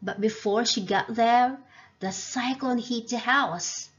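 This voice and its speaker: Woman narrator, slow clear storybook reading, slightly muffled lo-fi sound. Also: fairly high pitch, a bit bright. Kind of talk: storybook read-aloud.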